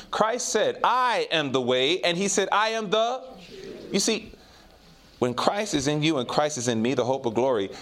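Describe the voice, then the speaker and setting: Male preacher, sermon delivery, lively pitch, rises for emphasis and drops low for stories. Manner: preaches in rising and falling swells, drops low and quiet for personal stories.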